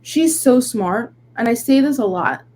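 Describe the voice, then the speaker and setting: A young woman co-hosting a casual podcast, venting in an animated, rambling way that is full of "like"s. Her voice sits fairly high. A faint noise runs underneath. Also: unhurried, low-quality recording. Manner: venting, animated storytelling with many "like"s. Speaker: podcast co-host. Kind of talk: casual chat.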